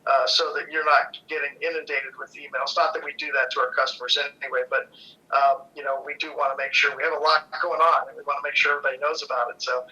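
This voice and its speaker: Easygoing male guest, very bright tone, somewhat high voice, rambling; lo-fi sound. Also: flat delivery, quick pace. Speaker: guest, brewery co-owner. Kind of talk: casual chat. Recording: dull lo-fi sound.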